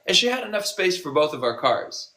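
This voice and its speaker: Bright-voiced man, sarcastic activist. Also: high voice, sing-song, fairly quick. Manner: sarcastic, acts out quoted voices. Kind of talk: impassioned conversational storytelling.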